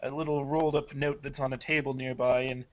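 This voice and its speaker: A man's voice: mid-range voice, level tone, a little fast. A man narrating a tabletop game as game master, casual with frequent hedging fillers, in dull lo-fi audio.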